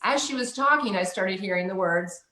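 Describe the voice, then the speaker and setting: A woman's voice: mid-range voice, normal speed, bright, forceful tone. A woman guest telling a spiritual story in a loose, casual way, with many fillers and laughs, over a video call. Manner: rambling, many "like"s, laughs often. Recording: roomy echo.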